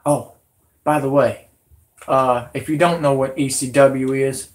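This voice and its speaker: A man's voice: mid-range voice, fairly even intonation, unhurried. A man hosting a vlog, ranting in a rambling, indignant way and swearing. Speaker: vlog host.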